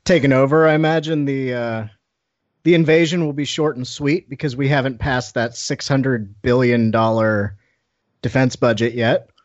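An American man co-hosting a casual podcast, making deadpan jokes. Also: mid-range voice, moderate pace, dry recording, lo-fi sound. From United States. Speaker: podcast co-host.

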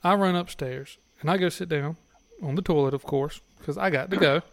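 A man's voice: on the high side, moderate pace, no echo. Man telling crude stories, laughing often. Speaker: podcast guest. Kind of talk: casual storytelling chat.

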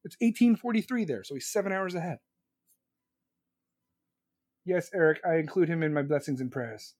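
A man's voice: fairly high pitch, lively intonation, normal speed, darkish tone, no echo, studio quality. A man hosting a podcast, riffing casually on the live chat with crude jokes and swearing. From United States. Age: adult, still working. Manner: profane, joking, rambling banter.

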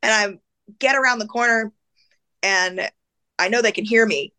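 Animated woman telling a story, bright voice. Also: mid-range voice, a little slow. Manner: animated, acts out the voices of people in her story; casual, filler-heavy speech with many "like"s. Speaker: interview guest. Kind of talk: emotional personal storytelling in conversation.

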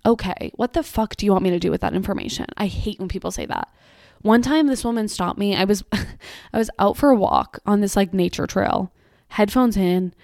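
A woman's voice: medium pitch, darkish tone, no room sound, clean studio sound. A young woman hosting her own podcast, chatting casually and ranting about pet peeves, swearing and saying "like" a lot. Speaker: podcast host. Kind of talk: casual solo podcast chat.

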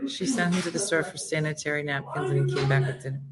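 A woman's voice: sits low, steady tone, quick pace, over a noisy crowd. A middle-aged woman hosting a morning show, chatting casually with jokes and rambling asides. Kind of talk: casual chat.

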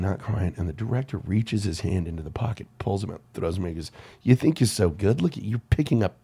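A man hosting a casual film chat, an animated storyteller who swears and laughs often. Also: deep voice, slightly rough. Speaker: podcast host.

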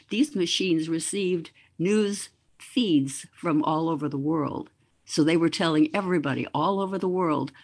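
A woman's voice: fairly low pitch, moderate pace, husky. An older woman from the Boston area, a former news anchor telling a story as a guest. She tells it vividly and mimics sounds. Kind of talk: reminiscing interview storytelling.

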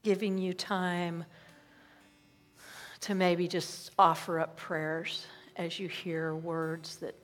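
Slow, low-voiced woman leading prayer. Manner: slow, gentle, pausing between phrases. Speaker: church speaker leading prayer. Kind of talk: guided prayer and scripture reading. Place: church service.

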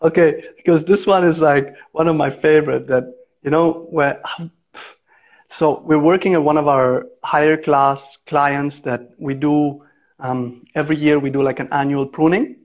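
A man's voice: fairly high pitch, steady tone, measured pace. A man who works as an arborist, telling stories in a casual interview and acting out the voices in his anecdotes. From India. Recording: dull, lo-fi sound.

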